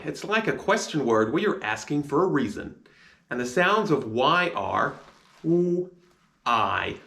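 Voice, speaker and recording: A man's voice: mid-range voice, pushed and bright. A man teaching a phonics spelling lesson, sounding out each word letter by letter.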